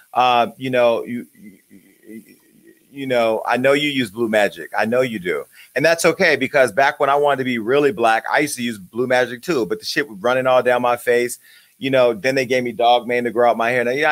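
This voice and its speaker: A man hosting his own show, ranting in a profane, joking and angry way. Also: mid-range voice. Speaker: show host. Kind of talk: uncensored comedic rant.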